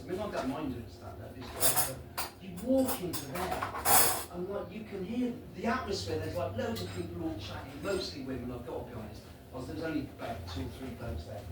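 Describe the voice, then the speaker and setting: Older Englishman doing wry stand-up in a pub. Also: fairly high pitch. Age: 60s. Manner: self-deprecating, wry storytelling. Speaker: stand-up comedian. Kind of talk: stand-up comedy set. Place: small pub function room. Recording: echoey far-off pub recording with background noise.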